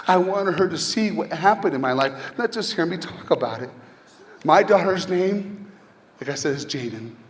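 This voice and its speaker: A man's voice: fairly high pitch, animated, moderate pace. A male motivational speaker giving an inspirational speech to a school audience, telling personal stories and asking rhetorical questions. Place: large hall with an audience. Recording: long hall reverb, faint ambience.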